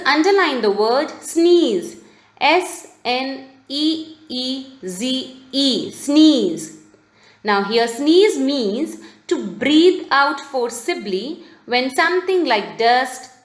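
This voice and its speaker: A high-voiced woman teacher gives a recorded video lesson for children, speaking slowly and spelling words out letter by letter. The recording has a roomy echo.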